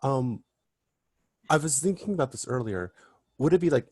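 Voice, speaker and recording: A man's voice: medium pitch, lively intonation, moderate pace, darkish tone, slightly rough, dry recording, studio quality. A man asking his teacher a question in an online class, tentative and thinking aloud. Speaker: student. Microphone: video call.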